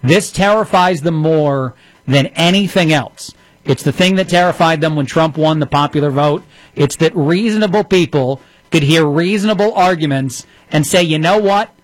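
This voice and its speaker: Man, political commentary host, sarcastic and mocking, slightly high voice, dry close sound. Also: moderate pace, no room sound, low-quality recording. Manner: sarcastic, mocking, plays clips and reacts.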